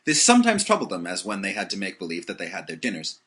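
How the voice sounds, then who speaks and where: Expressive low-voiced male narrator. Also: quick pace, slightly rough. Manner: expressive storytelling. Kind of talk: audiobook narration.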